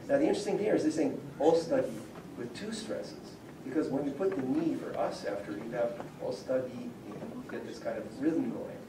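A man, a professor, giving a public lecture in a conversational, explaining way and reading out word examples. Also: mid-range voice. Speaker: professor of Slavic linguistics. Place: civic centre lecture room. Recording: echoey room, voice from far off, faint hum.

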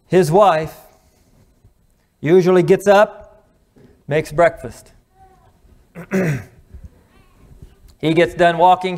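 A middle-aged man preaching a sermon on marriage, earnest, slowing and dropping to a hush at moving points, clearing his throat now and then. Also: on the high side. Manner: earnest, slows and drops to a hush at emotional points.

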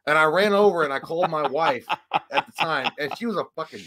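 A man in his thirties telling a rambling, profane story in casual chat and loudly acting out the other people's lines. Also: a little high, fast talker. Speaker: podcast co-host.

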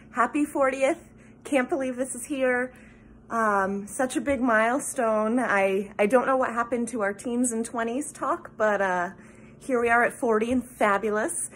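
A woman's voice: a little high, a little hiss or hum, rough recording. A woman, a close friend, leaving a gushing, rambling birthday video message with many ums.

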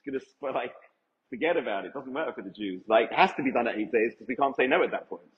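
A man's voice: lowish voice, lively intonation, brisk. A male rabbi giving an emphatic Torah lecture to a live audience and putting questions to them. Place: event hall with audience. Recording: echoey hall, dull lo-fi sound.

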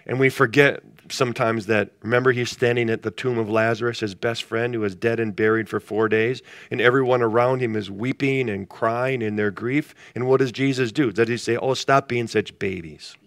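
Brief: male pastor, gravelly voice, dry close sound, chatty Bible study leader who quizzes his group. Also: medium pitch, fairly even intonation, a little fast, hardly any pauses, a bit bright, no echo. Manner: conversational, asks the group questions. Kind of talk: casual Bible study teaching.

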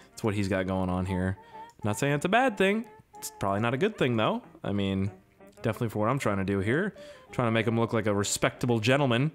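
Young male gamer, casual joking playthrough talk, animated delivery over soft game music. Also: medium pitch. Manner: profane, excitable, jokey. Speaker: gaming YouTuber. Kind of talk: casual gameplay commentary.

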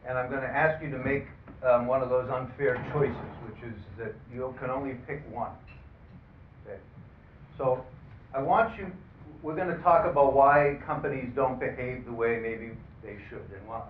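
Man moderating a panel, halting and tinny. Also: medium pitch. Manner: halting, many fillers, dry asides. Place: conference room. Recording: phone-like, roomy, distant, faint hiss.

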